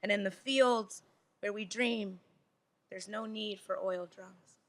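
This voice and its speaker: A woman's voice: medium pitch, fairly even intonation, slow. A woman poet giving a poetry reading, moving from loose, rambling asides into rhythmic, repeating lines of verse. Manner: rhythmic, repetitive recitation.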